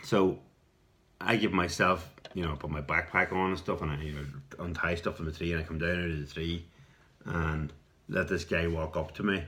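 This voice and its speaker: A middle-aged Irish man telling a rambling personal story in a casual vlog, repeating words and clearing his throat now and then. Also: low-pitched, steady tone, moderate pace, sharp tone. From Ireland. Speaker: video response storyteller.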